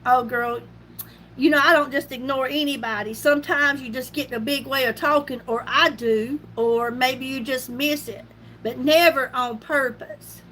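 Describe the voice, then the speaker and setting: A woman's voice: sits high, fairly even intonation, moderate pace, fairly bright tone, a little hiss or hum. A middle-aged woman chatting casually on a makeup livestream, laughing often and greeting viewers by name. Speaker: beauty livestream host. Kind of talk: casual makeup live chat.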